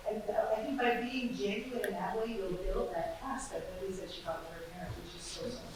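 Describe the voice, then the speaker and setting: A woman on a community panel, giving calm, earnest advice to parents. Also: medium pitch, quick pace, noisy background. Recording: echoey hall from far off.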